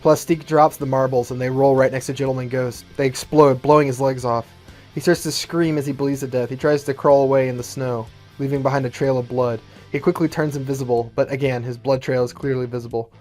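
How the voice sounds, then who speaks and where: A man narrating his own fan-written action script, brisk and matter-of-fact, at an even, middling pitch. Soft guitar music sits faintly behind him. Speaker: storyteller.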